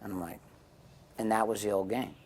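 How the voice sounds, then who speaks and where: A man's voice: on the low side, steady tone, fairly quick, darkish tone. A middle-aged man giving an intense, candid interview, blunt and profane, acting out the people he quotes as he tells stories. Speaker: interview guest.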